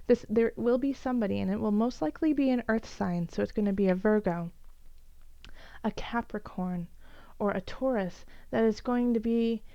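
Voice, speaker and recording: A woman's voice: a little high, darkish tone, no room sound, highs cut off. A woman giving an earnest, encouraging tarot reading for each zodiac sign, with many fillers and restarts. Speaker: tarot reader.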